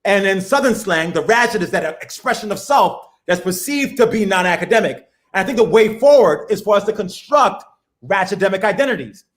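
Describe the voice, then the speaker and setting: A man, a professor talking as a guest in a casual, animated, slangy way, laughing as he goes. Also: high voice. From the Bronx, New York. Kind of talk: casual conversation.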